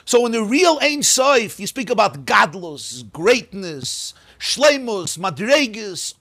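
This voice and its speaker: Male rabbi lecturing in a synagogue; bright, husky tone, emphatic, repeats key words, sprinkles in Hebrew and Yiddish. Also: sits high, very animated, takes it slowly, few pauses, dry recording, studio quality. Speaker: rabbi teaching a class. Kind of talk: lecture on mystical texts.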